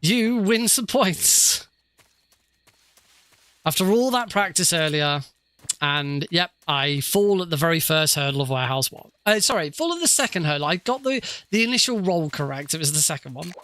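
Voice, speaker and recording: A man's voice: fairly high pitch, animated, normal speed, bright, forceful tone. A man chatting casually while streaming a game, joking at his own expense and laughing often. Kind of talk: casual gameplay livestream commentary.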